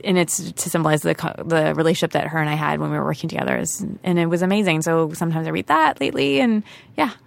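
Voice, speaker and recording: Woman guest chatting, low-ish gravelly voice, earnest and excited. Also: fast talker. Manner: earnest, rambling, enthusiastic. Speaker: podcast guest. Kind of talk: casual chat.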